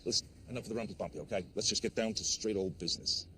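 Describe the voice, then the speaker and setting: An actor playing a crude, boastful tycoon who talks over everyone, in a satirical comedy film. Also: male voice, lowish voice, rapid-fire, sharp tone, a little hiss or hum. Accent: New York. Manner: boastful, interrupts, bossy, rambling.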